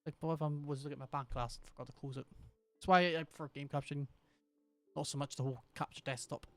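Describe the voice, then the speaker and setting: A man's voice: on the high side, steady tone, quick pace, fairly bright tone, no echo, faint music behind. Scottish man, game streamer, thinks aloud, casual, dry sound. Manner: rambling, thinking aloud while troubleshooting. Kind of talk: casual gameplay commentary.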